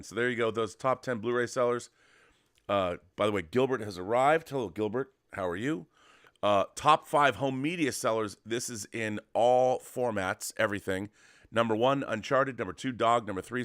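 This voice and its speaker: Low-voiced, chatty man co-hosting. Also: moderate pace, fairly bright tone, no room sound, clean studio sound. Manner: enthusiastic, rambling, many restarts. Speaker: co-host of a weekly show about physical media. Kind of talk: casual chat. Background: dog at his feet.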